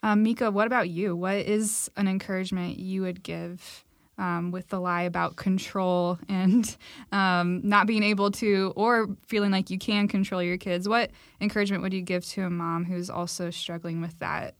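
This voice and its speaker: A woman's voice: mid-range voice, level tone, normal speed, dry recording, studio quality. Young woman co-host, eager and chatty. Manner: enthusiastic, many "like" fillers. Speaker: podcast co-host. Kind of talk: casual faith-based conversation. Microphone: call.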